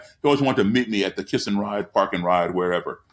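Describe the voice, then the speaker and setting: Speaking a little fast in a fairly low voice, a man shares stories as an interview guest. He's on a video call from his living room, and his delivery has an emphatic, repetitive cadence.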